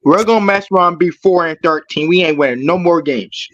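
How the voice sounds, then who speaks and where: A man's voice: a little high, brisk, a bit bright, no echo, highs cut off. A man calling in to a fan show, ranting angrily and swearing, repeating himself as he gets worked up. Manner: heated, profane, repeats himself. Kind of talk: angry fan rant.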